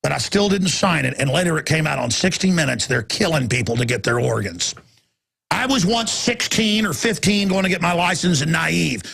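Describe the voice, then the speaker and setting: A man hosting a talk radio show, delivering an impassioned, ranting monologue that swings from loud outbursts to low asides. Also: animated, moderate pace, creaky, breathy edge.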